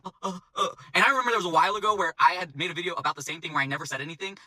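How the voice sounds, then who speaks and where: A man's voice: on the high side, expressive, rapid-fire, sharp tone, no room sound, poor audio. A man working as a restaurant server, telling a storytime in a profane, exasperated rant.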